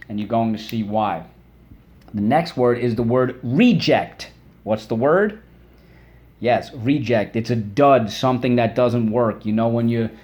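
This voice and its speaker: A man teaching a phonics lesson for children, patient and encouraging, saying words aloud and pausing for the class to repeat them. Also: on the low side, warm tone. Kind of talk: phonics lesson with call-and-response drills.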